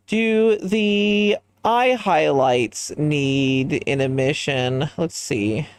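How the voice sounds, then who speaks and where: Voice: mid-range voice, extremely slow, hardly any pauses, smooth, no room sound. A livestreamer chatting casually while designing a character, thinking aloud and answering chat in a musing way.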